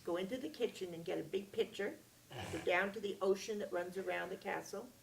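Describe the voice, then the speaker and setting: Calm little magic man in a storybook, gravelly low-key voice, put on by a woman. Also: fairly quick, distant mic, natural voice, low-quality recording. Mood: instructive. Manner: calm, instructive. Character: kindly magical little man granting wishes.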